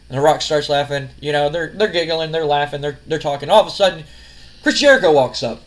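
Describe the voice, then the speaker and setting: A man's voice: fairly high pitch, a little fast. A man giving casual, rambling let's-play commentary as a gaming channel host. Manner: rambling, full of fillers and restarts.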